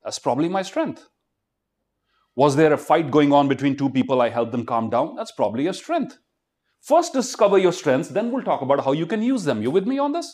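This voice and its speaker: Male motivational speaker, slightly high voice, swoops a lot, fires questions at a student crowd. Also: fairly quick. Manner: animated, keeps quizzing the audience and leading call-and-response. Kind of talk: motivational talk to a student audience.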